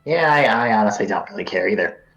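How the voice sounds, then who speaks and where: A man's voice: on the low side, expressive, fast talker, fairly bright tone, faint music behind. A man playing a tabletop game, talking in a laid-back, offhand way. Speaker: player. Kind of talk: casual tabletop game play.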